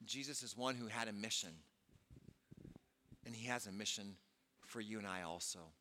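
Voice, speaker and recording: A man's voice: on the low side, moderate pace, bright, forceful tone, a little hiss or hum. A male pastor preaching a sermon in a conversational way, often saying "you know", in a large church auditorium. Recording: long reverb of a large hall.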